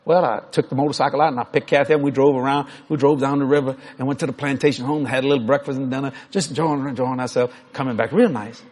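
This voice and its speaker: An older man, preaching a storytelling sermon that acts out dialogue and climbs toward near shouts. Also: medium pitch, fairly even intonation, fast talker, hardly any pauses.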